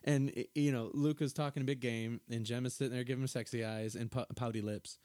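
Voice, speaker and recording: A middle-aged man co-hosts a loose podcast in a wry, playful way and swears freely. His voice has a typical male pitch, and the recording is close and dry with no room echo. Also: steady tone, fast, darkish tone. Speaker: podcast co-host. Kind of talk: casual chat recapping a reality show.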